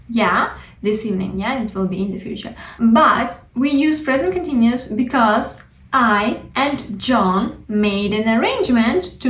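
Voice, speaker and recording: A woman's voice: on the high side, a bit bright, echoey room, slight background noise, low-quality recording. A woman teaching grammar, explaining patiently and often adding "yeah" and "like". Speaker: English teacher. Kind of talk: grammar lesson.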